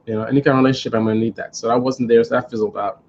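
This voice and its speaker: A man's voice: mid-range voice, fairly even intonation, rapid-fire, a little mellow, highs cut off, a little hiss or hum. Rambling man telling a storytime. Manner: rambling, hesitant, many fillers and restarts. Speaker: vlogger on a live stream. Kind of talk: storytime monologue.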